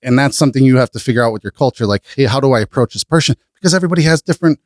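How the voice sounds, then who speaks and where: A man talking as a podcast guest, blunt and animated, swearing freely as he tells stories about his business. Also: mid-range voice, racing, no echo, studio quality. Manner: blunt, profane, animated storytelling. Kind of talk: casual interview chat.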